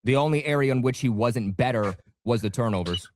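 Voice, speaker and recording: A man's voice: mid-range voice, brisk, darkish tone, a little hiss or hum. A man on a sports panel insisting on his point, repeating himself to be heard. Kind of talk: heated sports debate.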